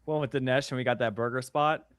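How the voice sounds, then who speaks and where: A comic creator telling stories in a lively, swearing manner, playing out everyone's lines. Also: male voice, mid-range voice, quick pace, smooth. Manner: lively, profane, acts out quotes. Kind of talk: casual storytelling chat.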